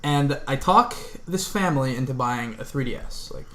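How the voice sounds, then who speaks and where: Lively storytelling podcast guy. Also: medium pitch, normal speed. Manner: laid-back, lively storyteller. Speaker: podcast co-host. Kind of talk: casual storytelling.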